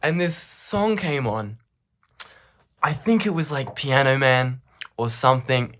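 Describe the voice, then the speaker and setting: A man's voice: mid-range voice, takes it slowly. Laughing, swearing young-sounding man telling a story. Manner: animated, laughing often, heavy swearing. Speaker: vlogger telling a personal story. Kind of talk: casual storytime monologue.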